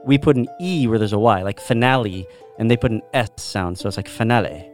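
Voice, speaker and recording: A man's voice: fairly low pitch, lively intonation, fast talker, darkish tone, soft background music. A man hosting a podcast, explaining at length in casual chat and demonstrating pronunciations. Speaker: podcast host.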